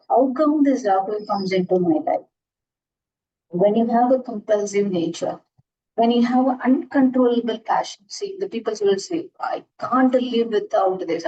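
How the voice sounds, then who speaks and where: A woman lectures to her class in a warm, mellow voice, earnest and repetitive, often breaking off and restarting her sentences. The audio is dull and lo-fi, like an online class recording. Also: a little high. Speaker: astrology teacher.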